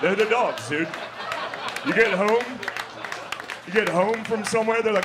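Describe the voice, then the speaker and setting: A man's voice: high-pitched, unhurried, long pauses, crowd noise, noisy background. A man in his thirties doing stand-up comedy, laid-back and crude, mocking people and acting out characters.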